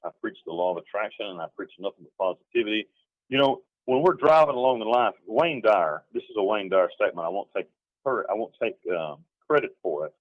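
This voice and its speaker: A middle-aged man from North Carolina tells his story in an interview, rambling and emphatic, often slipping into acted-out quotes. His voice sits low. The recording is dull and dry, with a lo-fi, phone-like quality. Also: expressive, fairly quick, dry recording.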